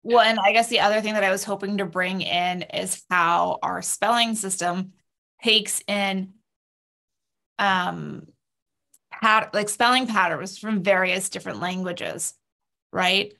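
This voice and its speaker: A woman's voice: medium pitch, steady tone, unhurried, vocal fry, sharp tone. A woman hosting an interview, putting thoughtful questions to her guest and leading into them with "well, and". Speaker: interview host. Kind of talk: casual interview chat.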